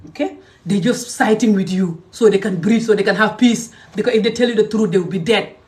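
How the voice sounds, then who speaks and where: A woman's voice: medium pitch, a little fast, a little mellow, recorded from a distance. Brief: confrontational woman vlogger, scolding and repetitive, set back from the mic. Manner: scolding and confrontational, repeating points. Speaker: social media commentator. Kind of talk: angry vlog rant.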